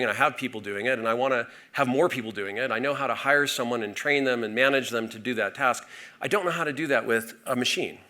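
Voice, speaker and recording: A man giving a conference keynote from a stage, energetic and full of fillers and restarts. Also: medium pitch. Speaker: keynote speaker.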